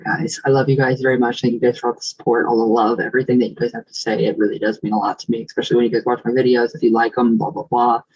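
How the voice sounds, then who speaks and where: A man hosts a chatty vlog, greeting his viewers one by one in a husky, mid-pitched voice. He rambles through fillers and restarts and sometimes rolls his R's. The recording sounds dull and lo-fi. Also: darkish tone. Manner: rambling and affectionate, many fillers. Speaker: vlogger reading viewer comments. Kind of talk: casual chat.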